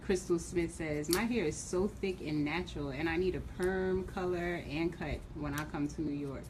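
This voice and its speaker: A woman's voice: deep voice, background noise. A woman assistant reading out viewer comments during a live stream, amused and easygoing. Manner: amused, laughs often, reads slowly.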